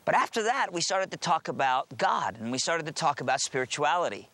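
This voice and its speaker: A man's voice: a little high, expressive, brisk, sharp tone, dry recording. A man telling his conversion story and preaching in an earnest, emphatic storytelling manner. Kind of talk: testimony and sermon.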